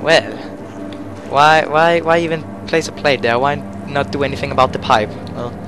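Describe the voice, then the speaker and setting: A man doing let's play commentary who gets excitable, exclaims and yells at the game. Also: mid-range voice, normal speed, noisy background. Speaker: gamer. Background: game music and car sounds.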